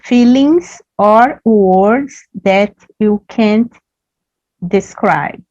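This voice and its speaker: A woman student learning English answers grammar questions at a very slow, careful pace, often breaking off and restarting words. The audio is dull and lo-fi, as from an online class. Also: mid-range voice, a little mellow, dry recording. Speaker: adult student.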